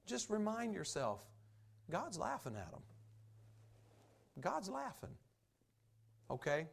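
A man preaching a sermon as pastor, folksy and animated, with many fillers and asides. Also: high voice, takes it slowly, creaky, husky.

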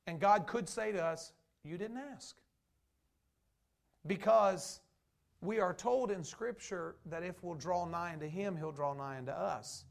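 A pastor delivers a relaxed, conversational sermon, stopping to restart sentences and acting out what people said. His voice sits high for a man and carries a gravelly edge. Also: normal speed. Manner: conversational preaching with restarts and acted-out quotes.

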